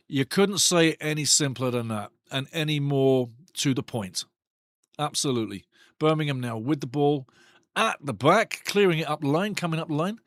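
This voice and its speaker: A man hosting a live football watch-along, commentating excitedly on the match and chatting with viewers' comments. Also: a little high, moderate pace, no room sound, studio quality.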